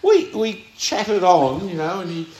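A man's voice: high voice, sing-song, a little slow, a little mellow, slight background noise. A man with an Australian accent preaching a sermon, telling a story in a conversational way with emphatic stresses. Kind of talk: sermon with anecdote. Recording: echoey room.

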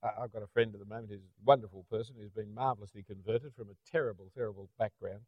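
A man's voice: on the low side, fairly even intonation, fast talker, no echo. A middle-aged Australian man preaching a sermon in a conversational way, often ending points with rhetorical tag questions. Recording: dull, dry, lo-fi.

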